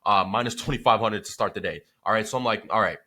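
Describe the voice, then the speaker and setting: Bright, forceful man telling a story. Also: fairly low pitch, fast. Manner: animated, swears freely, lots of filler. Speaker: business owner telling a story. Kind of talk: casual storytelling vlog.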